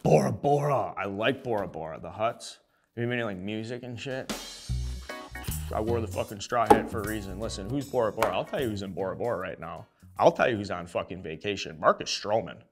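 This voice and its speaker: A man's voice: on the low side, brisk, music in the background. A young man hosting a sports show, ranting in a rowdy, rambling, comedic way and swearing freely. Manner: profane, excitable, rambling. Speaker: show host.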